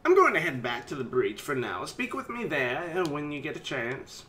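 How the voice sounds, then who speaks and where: A matter-of-fact traveling tinker man stuck far from home, as a gamer reads him out. He talks plainly and quickly in a bright, lively voice, over a faint hiss of noise behind. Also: on the high side, full character voice.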